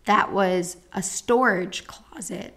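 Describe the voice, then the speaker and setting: A woman's voice: mid-range voice, slow pace. A young woman hosting a podcast, telling a personal story in a blunt, casual way with a lot of swearing. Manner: blunt, frequent swearing, animated retelling. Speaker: podcast host.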